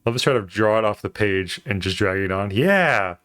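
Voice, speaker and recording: A man's voice: on the low side, animated, normal speed, a bit bright. A man streaming while he draws, chatting casually in a rambling, playful way with lots of fillers.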